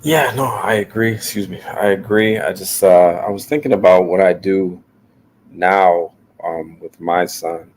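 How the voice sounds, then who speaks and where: A man's voice: sits low, fairly even intonation, a little slow, slight background noise. A man talking casually on a podcast, rambling and joking with plenty of swearing. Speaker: podcast guest. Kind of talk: casual chat.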